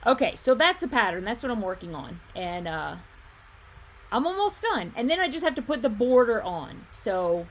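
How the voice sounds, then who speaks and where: A woman with a fairly high, sing-song voice talks at normal speed over slight background noise. She runs a quilt shop and is hosting a casual livestream, chatting and thinking aloud as she reads viewer comments. She laughs easily and hums filler sounds while fiddling with her screen.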